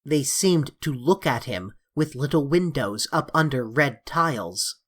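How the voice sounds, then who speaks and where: An audiobook narrator reading a classic fantasy novel aloud in a measured, even storytelling manner. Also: mid-range voice, breathy edge.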